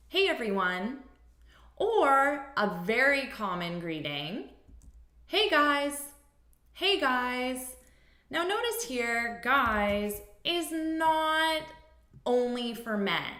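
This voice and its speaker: A woman with an American accent teaching an English lesson, speaking clearly and repeating phrases for learners. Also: fairly high pitch, a bit bright. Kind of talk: language lesson. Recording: echoey room.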